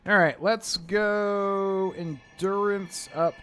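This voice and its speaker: A young man casually commenting while playing a game, chatty and rambling, with sudden excited outbursts. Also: high-pitched, drawn-out words, a little hiss or hum. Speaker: game streamer.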